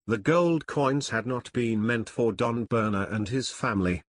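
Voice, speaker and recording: Male audiobook narrator, unhurried nostalgic storyteller, dry booth sound. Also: mid-range voice, dry recording. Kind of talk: storytelling narration, first person memoir.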